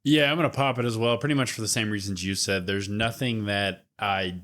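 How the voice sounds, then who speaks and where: A man's voice: lowish voice, fairly quick, fairly bright tone. A man co-hosting a podcast who chats casually and gives short, laid-back opinions. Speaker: podcast co-host. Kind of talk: casual wrestling podcast chat.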